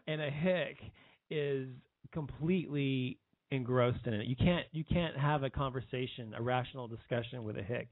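A man in his thirties delivers a rambling, heated personal monologue at a middling pitch, often stopping and starting over mid-sentence. The sound is thin and phone-like, with no room echo at all. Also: moderate pace. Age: 30s. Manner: rambling, heated, many restarts. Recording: tinny phone-like line.

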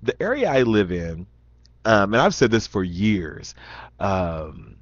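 A man's voice: on the low side, very animated, slow pace, no echo. A young man with a slight Southern Indiana accent, chatting casually and rambling as he reads questions aloud, with many ums and restarts. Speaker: vlogger. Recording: dull lo-fi sound, dry.

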